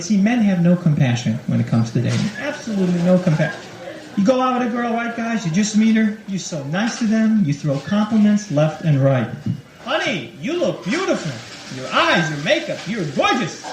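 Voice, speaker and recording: A man doing a stand-up comedy set on a club stage, acting out quick voices in his jokes. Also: high-pitched, lively intonation, a little mellow, a little hiss or hum. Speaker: stand-up comic. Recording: echoey live club tape from a distance. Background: audience laughter.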